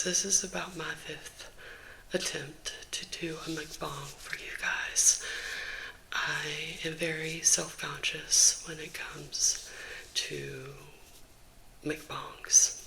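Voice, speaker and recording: A woman's voice: sits low, creaky, pushed and bright, poor audio. A young woman with a Southern US accent whispering a chatty, rambling ASMR talk into a close microphone. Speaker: ASMR creator.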